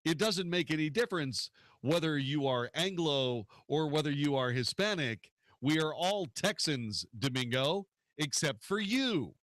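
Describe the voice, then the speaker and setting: A man's voice: fairly high pitch, lively intonation, normal speed, fairly bright tone, no echo, clean studio sound. A man hosting a political talk radio show, arguing his points in a combative way and firing off rhetorical questions.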